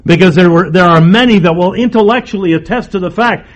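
Guy preaching a sermon, kinda high voice, loud then hushed, really emphatic. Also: lively intonation, fast, few pauses. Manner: emphatic, swings between raised and hushed delivery.

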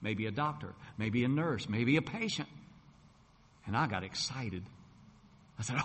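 A mid-range, expressive male voice, brisk, pushed and bright, belongs to a middle-aged preacher and gospel singer. He relates his testimony as folksy storytelling, voicing the people he quotes, with long hall reverb around him.

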